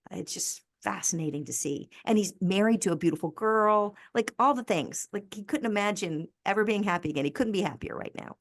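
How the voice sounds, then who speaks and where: A woman in her fifties with an American accent, a podcast guest telling personal stories in an earnest, animated way. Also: mid-range voice, brisk, hardly any pauses, dry recording, studio quality. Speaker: podcast guest, resilience speaker. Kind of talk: conversational interview storytelling.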